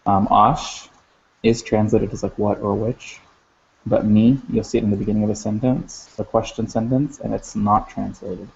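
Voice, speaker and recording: A man teaching a language lesson, talking in a halting way with many fillers and restarts. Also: on the low side, level tone, creaky, a little mellow. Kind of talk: recorded lesson. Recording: dull lo-fi sound.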